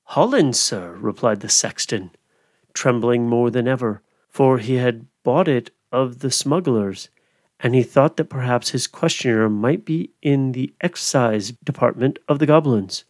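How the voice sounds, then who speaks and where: A man hosting a podcast, giving a slow, expressive reading of a Victorian ghost story. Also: medium pitch, no room sound, studio quality. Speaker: podcast host.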